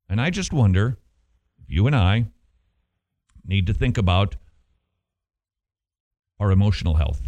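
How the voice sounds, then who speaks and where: A male pastor preaching a sermon in an animated way, full of rhetorical questions and playful asides. His pitch swings widely between low, serious statements and high, excited bursts. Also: unhurried, pauses often.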